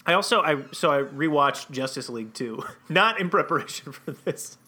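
Bright-voiced wry man chatting. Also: a little high, animated, moderate pace, slightly rough. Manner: wry, grumbling opinions. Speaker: podcast co-host. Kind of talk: casual chat.

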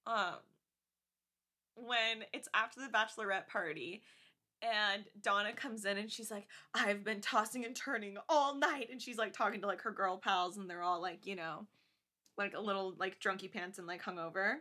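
A young woman co-hosting a podcast in casual chat, gushing about a movie and acting out lines. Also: moderate pace. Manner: gushing, animated, acts out movie lines in high voices. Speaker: podcast co-host.

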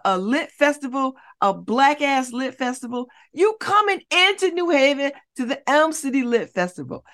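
A woman's voice: fairly high pitch, fairly bright tone. A woman hosting a community radio show, talking bluntly and preachily with rhetorical questions. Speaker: radio host. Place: radio studio.

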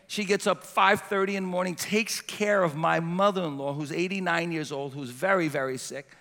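Passionate pastor preaching in a reverberant hall. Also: male voice, a little high, creaky. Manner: passionate, building to shouts and dropping to soft prayer. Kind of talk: sermon. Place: church sanctuary. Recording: long reverb of a church hall.

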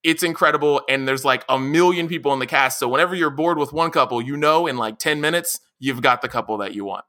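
A man co-hosting a podcast in loose, casual chat. His voice is bright and forward, and he gets excitable fast, acting out what other people say. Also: medium pitch. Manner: animated, excitable, laughs often, acts out quotes loudly. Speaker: podcast co-host.

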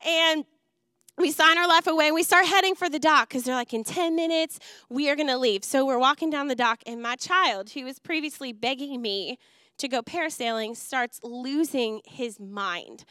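Bright lively woman preaching. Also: high-pitched, normal speed, no room sound, studio quality. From Wisconsin. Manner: lively storytelling with laughs and acted quotes. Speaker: youth and missions pastor. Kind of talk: sermon. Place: church auditorium.

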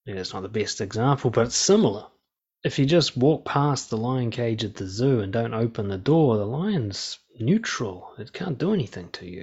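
A man's voice: medium pitch, a little mellow, husky, dull audio. A man giving a blunt, profane monologue of casual commentary, talking through his opinions.

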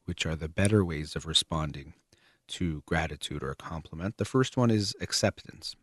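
A man with a very low voice talks through ideas calmly and methodically, pausing now and then on a filler. The sound is close and dry, with no room around it. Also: no room sound. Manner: calm, measured, explaining step by step with occasional fillers. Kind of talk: explanatory talk on relationships.

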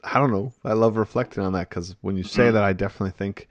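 A man hosting a relaxed talk about teaching, animated and chatty with many fillers. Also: on the low side, fast talker, no echo, lo-fi sound. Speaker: podcast host and teacher. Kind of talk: casual conversation.

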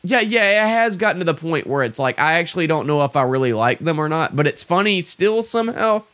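A man's voice: lively intonation, a little fast, fairly bright tone. A man imitating a smug, ironic young guy in a sarcastic, giggly voice. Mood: smug mocking. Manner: sarcastic, giggly, high mocking voice.

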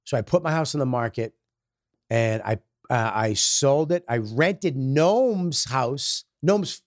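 A man who is a comedian guest telling stories in a profane, animated way, acting out quotes. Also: mid-range voice, slow pace, no room sound, clean studio sound. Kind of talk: casual storytelling.

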